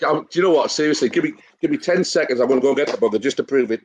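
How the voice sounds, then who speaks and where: A man's voice: medium pitch, rapid-fire, dull audio, background noise. A man, a guest joking cheekily through casual banter on a video call. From England. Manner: cheeky, joking, laughing through his stories. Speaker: guest, fan taking over the show.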